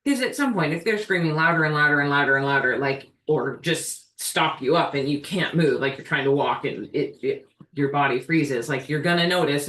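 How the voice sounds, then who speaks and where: In a live video Q&A for her healing ministry, a woman talks earnestly, working through her thoughts aloud. She has a low, fairly bright voice at a moderate pace, picked up over a video call from a distance in an echoey room.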